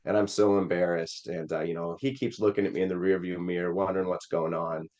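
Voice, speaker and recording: A man's voice: low voice, little pitch movement, fast, darkish tone, muffled recording. A man from Missouri, a Senate candidate, telling a personal story in an interview in an earnest, rambling way with many fillers. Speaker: Senate candidate, podcast guest.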